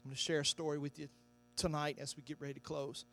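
A man preaching a sermon, telling a story that builds to loud, shouted climaxes. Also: a little high, flat delivery, fast. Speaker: pastor.

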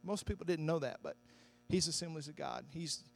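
A man preaching a sermon, telling a story that builds to loud, shouted climaxes. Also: a little high, brisk, creaky, soft background music. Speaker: pastor.

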